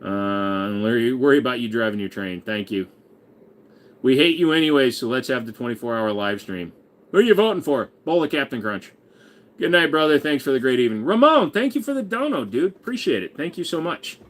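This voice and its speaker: A man's voice: mid-range voice, lively intonation, fairly quick. Crude joking man in his forties. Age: 40s. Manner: crude joking, reads viewer messages aloud. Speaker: livestream host. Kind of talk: casual livestream chat.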